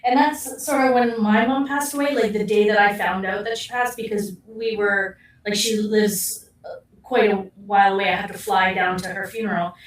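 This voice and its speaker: A woman's voice: mid-range voice, steady tone, normal speed, slight background noise. A woman from Canada, a guest paranormal investigator, telling personal stories in an earnest, open way. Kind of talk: casual interview chat. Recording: echoey room, far from mic.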